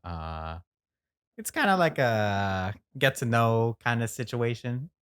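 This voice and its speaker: A man's voice: medium pitch, lively intonation, slow, a bit bright, clean tone. A young man co-hosting a podcast in casual chat, laid-back and laughing often as he tells stories. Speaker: podcast co-host. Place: indoors at his parents' house.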